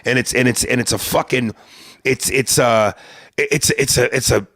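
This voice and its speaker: A man's voice: mid-range voice, moderate pace, fairly bright tone, dry recording. A man in a heated, stammering, casual rant. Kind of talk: casual ranting chat.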